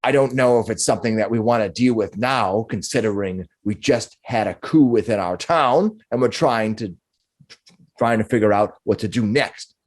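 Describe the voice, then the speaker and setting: Guy playing a careful tired town official, low voice, hedging. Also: normal speed, close to an everyday voice. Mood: hesitant. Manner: hesitant, reasoning. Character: cautious weary male town official.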